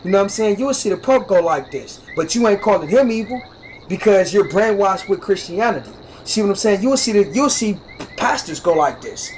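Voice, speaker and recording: A man with a high, animated voice and a darkish tone, talking at normal speed on a rough recording with a little hiss or hum. He teaches spirituality on a livestream in a preachy monologue, repetitive, profane and emphatic, often asking "you know what I'm saying." He's instructive and forceful, demonstrating with hand gestures.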